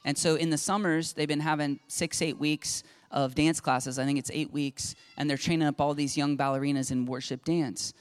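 A middle-aged man preaching a sermon, telling a story with lively acted-out dialogue. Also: a little high, moderate pace, few pauses, clean tone. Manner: animated storytelling, acting out dialogue. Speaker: pastor. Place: church sanctuary.

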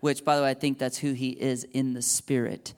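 A young adult man preaching, telling a personal story in an animated way and jumping into high, excited voices when he quotes his own thoughts. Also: brisk. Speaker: pastor. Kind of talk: sermon testimony.

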